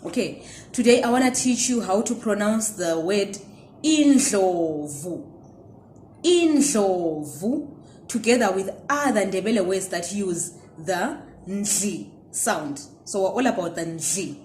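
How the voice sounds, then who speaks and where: A woman from Zimbabwe teaching a pronunciation lesson, drawing out each sound and repeating it clearly for learners to follow. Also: medium pitch, darkish tone, echoey room, a little hiss or hum. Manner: drawn-out repetitions of sounds, friendly and encouraging. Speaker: language teacher.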